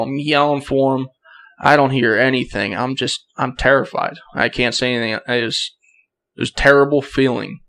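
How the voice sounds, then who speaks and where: A young man, a podcast guest, telling a hunting story in a casual, animated way and acting out the quoted voices. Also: medium pitch.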